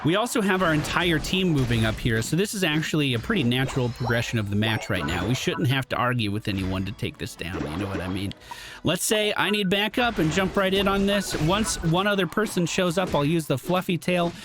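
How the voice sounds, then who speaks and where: Man, gameplay commentary, tired, animated explanatory delivery, fairly high voice, game music behind. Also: fairly quick. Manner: explanatory, animated, strategic play-by-play. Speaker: gaming commentator. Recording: clear background music.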